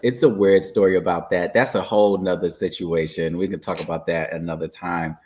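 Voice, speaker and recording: A man hosting a podcast in relaxed, chatty conversation who laughs easily. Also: deep voice, brisk, slight background noise. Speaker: podcast host. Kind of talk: casual conversation.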